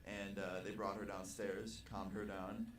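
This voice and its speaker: Young man, low-ish voice, animated storyteller who swears freely, casual vlog, played back roomy and far off. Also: unhurried. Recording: roomy, distant video playback with faint noise.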